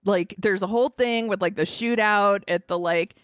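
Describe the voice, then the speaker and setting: A woman's voice: medium pitch, normal speed, smooth, no room sound, studio quality. A woman co-hosting a podcast, chatting casually about a movie, rambling and swearing with lots of fillers and laughs. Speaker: podcast co-host.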